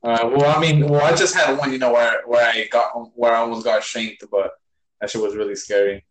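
A man's voice: medium pitch, steady tone, fairly quick, fairly bright tone, a little hiss or hum. Young man, casual talker, slangy and profane, voice with room echo. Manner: loose, slangy, swears a lot, fillers. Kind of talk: casual chat.

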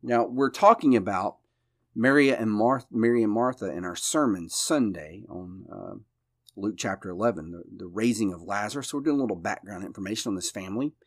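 A man, a pastor, giving a conversational Bible study and explaining each point in a thoughtful, steady way. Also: fairly low pitch, brisk, no echo, clean studio sound.

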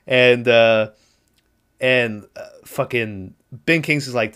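A young man casually retelling a movie plot on a podcast, animated and swearing freely, acting out the lines. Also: mid-range voice, unhurried. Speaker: podcast host recapping a movie. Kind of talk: casual chat.

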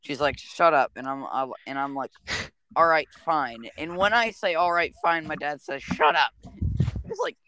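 Teen male co-host, stop-start talker, bright and animated. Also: a little hiss or hum. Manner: halting, many restarts, lively pitch. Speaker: podcast co-host. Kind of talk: casual chat.

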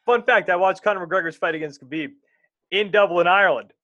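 Bright-voiced man rambling about football. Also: sits high, a little fast, no room sound, muffled recording. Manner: rambling, animated, self-interrupting. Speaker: sports podcast co-host. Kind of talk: casual sports chat.

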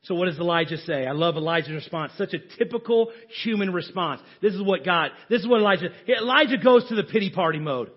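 A man preaching a sermon, swinging from hushed, soft passages to raised, shouting ones. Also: high voice, animated, fast talker, few pauses, husky, muffled recording. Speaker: pastor.

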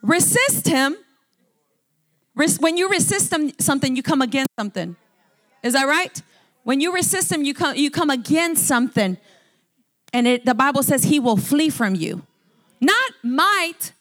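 A woman's voice: high-pitched, expressive, normal speed, pauses often, fairly bright tone. A woman pastor preaching a sermon with emphatic, fervent delivery that rises to firm commands.

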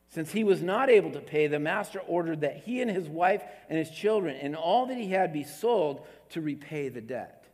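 A man preaching a sermon as a pastor, emphatic, repeating words and swinging between raised and hushed delivery. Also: on the high side, big-room sound.

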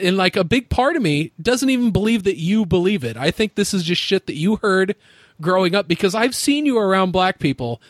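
A man's voice: high-pitched, sing-song, brisk, no room sound. A man hosting a podcast, telling stories frankly in casual chat and swearing freely.

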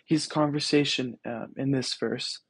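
A man's voice: mid-range voice, fairly even intonation, unhurried, slightly rough, dry recording. A young man hosting a podcast, reflecting on scripture in a casual, earnest way with many ums and restarts. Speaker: podcast host.

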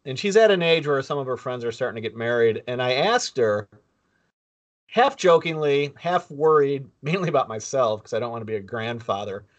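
A middle-aged man who grew up near the Canadian border, co-hosting a podcast in a halting, thoughtful way. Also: medium pitch, animated, lo-fi sound. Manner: halting and thoughtful, many fillers and restarts. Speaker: co-host. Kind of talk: casual podcast chat.

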